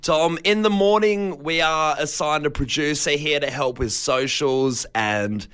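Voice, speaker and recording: A man's voice: fairly high pitch, a little slow, fairly bright tone, slight background noise. A man co-hosting breakfast radio in a studio, chatty and teasing, laughing often. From Australia. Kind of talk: casual radio banter.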